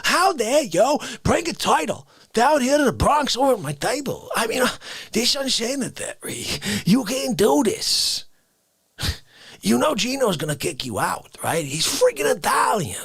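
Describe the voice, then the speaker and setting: A man playing an indignant, easily offended Bronx man in an improvised comedy rant, lurching between shouts and whispers. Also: very high voice, sing-song, measured pace, creaky, husky, no room sound, full character voice.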